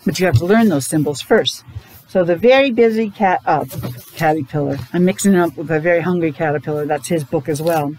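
A woman's voice: deep voice, fairly quick, darkish tone, a little hiss or hum, poor audio. A woman teacher with a Rhode Island accent, chatting to her students as she introduces a picture book, making playful animal sounds.

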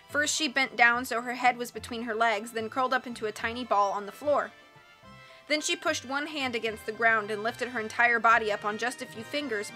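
A woman reading a storybook aloud as narrator with steady, clear delivery. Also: fairly high pitch. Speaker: audiobook reader.

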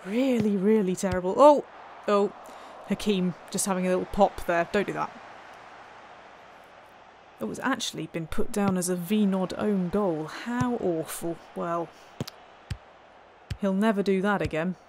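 A woman's voice: fairly low pitch, measured pace, long pauses, a little mellow, a little hiss or hum. A woman commentating on her own gameplay in a wry, chatty way, full of exasperated asides. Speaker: let's play host.

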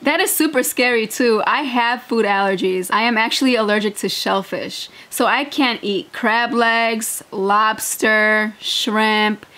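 A woman's voice: a little high, unhurried, hardly any pauses, pushed and bright. A woman hosting a reaction video, talking casually and bluntly, laughing often and swearing freely.

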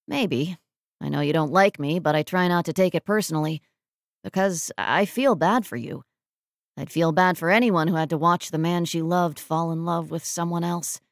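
A woman voicing an apologetic, gently teasing man who speaks softly in an audiobook. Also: lowish voice, normal speed, no echo, studio quality, natural voice. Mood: earnest. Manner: soft, repeatedly apologetic.

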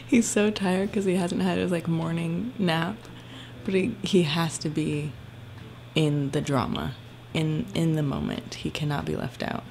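A woman's voice: low voice, takes it slowly, pauses often, faint music behind. Bubbly young woman vlogging at home. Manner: bubbly, chatty, gasps with excitement. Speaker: lifestyle vlogger. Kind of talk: casual vlog chat to camera. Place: at home in her room.

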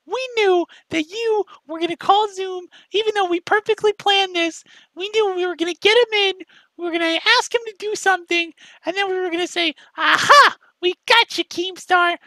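A man's voice: normal speed, bright, forceful tone, no room sound, exaggerated voice, low-quality recording. A man doing a mocking impression of a whiny, self-pitying young man who nags a rival with repetitive questions. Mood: shrill ranting. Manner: nagging, repetitive, shrill questioning. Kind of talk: mocking impression in a commentary video.

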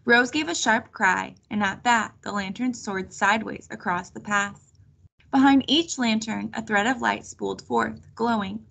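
A woman reading a children's chapter book aloud in a steady storytelling manner. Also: mid-range voice, a little slow, vocal fry. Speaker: reader.

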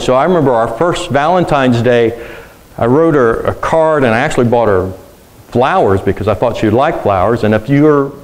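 A man's voice: medium pitch, darkish tone, poor audio. Man preaching a conversational sermon. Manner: conversational storytelling, asks the congregation questions. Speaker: pastor. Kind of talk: sermon with personal stories.

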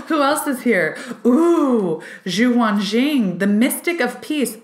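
Excitable woman reading cards in a roomy space. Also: a little high, measured pace, hardly any pauses, slight background noise. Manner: excited and chatty, full of "like" fillers. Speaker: intuitive card reader. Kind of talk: casual channeled card reading to viewers. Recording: roomy echo.

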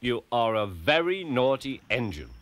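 A man's voice: medium pitch, sing-song, measured pace, a bit bright. A man voicing a stern, formal railway boss scolding an engine in a children's storybook. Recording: background music.

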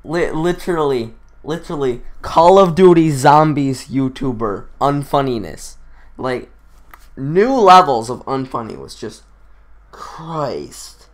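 A man's voice: mid-range voice, animated, slow. A teenage boy giving casual, sarcastic commentary as he mocks another creator's video, rambling and loose with filler words. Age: teens. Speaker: YouTube roast commentator.

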